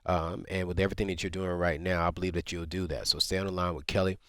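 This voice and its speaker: A man's voice: sits low, flat delivery, fast talker. A man co-hosting a radio advice show, speaking with heartfelt passion to a caller. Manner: passionate, heartfelt, many restarts.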